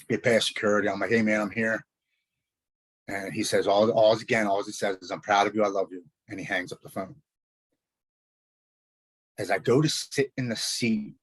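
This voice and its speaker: A man telling his own story in a blunt, halting way, with repeated words and swearing. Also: fairly low pitch, fairly bright tone, no room sound. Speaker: storyteller recounting his recovery. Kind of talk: personal spoken story.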